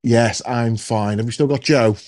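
A man's voice: mid-range voice, steady tone, normal speed, a little mellow. A man hosting a podcast, chatting casually and jokily with plenty of ums. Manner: chatty, jokey, lots of ums. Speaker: podcast host. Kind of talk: casual chat.

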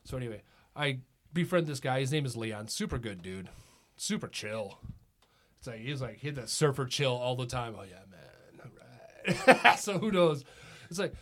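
A man's voice: mid-range voice, animated, moderate pace. A middle-aged man, a podcast guest, telling casual anecdotes, swearing freely and laughing often. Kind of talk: casual chat, storytelling.

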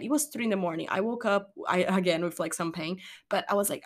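A woman's voice: medium pitch, animated, a little fast. A young woman talking straight to her viewers about anxiety and self-care, earnest and rambling, often restarting her sentences. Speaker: wellness vlogger. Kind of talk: candid motivational monologue.

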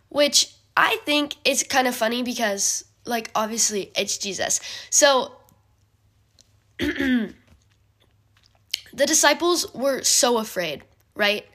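A young woman giving a casual bible study talk, chatty and full of fillers, often clearing her throat. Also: fairly high pitch, lively intonation, slow, bright, forceful tone.

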